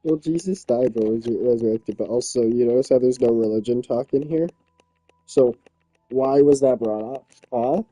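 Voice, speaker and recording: A man chats loosely on a stream, joking around and cursing freely. His voice is deeply mellow and dark, with no brightness to it, and it sounds dry and close with no room echo. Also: moderate pace. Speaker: streamer and server owner. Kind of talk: casual chat.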